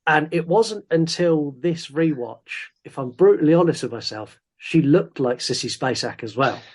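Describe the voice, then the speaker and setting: Male co-host, bit higher voice, relaxed joking plot recap. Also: normal speed. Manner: chatty, laughs often, recaps the plot with dry jokes. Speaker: podcast co-host. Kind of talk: casual film review chat.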